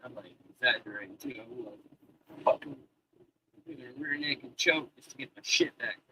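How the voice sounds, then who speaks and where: With noise in the background, a man in his thirties talks at normal speed in a medium-pitched voice, streaming live. He chats loosely with viewers, cursing a lot and restarting his sentences.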